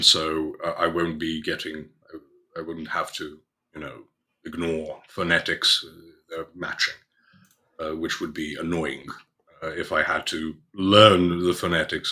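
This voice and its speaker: Very deep-voiced man, bright and hesitant. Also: steady tone, measured pace. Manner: hesitant, many restarts, explains at length. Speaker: podcast co-host. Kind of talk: casual chat.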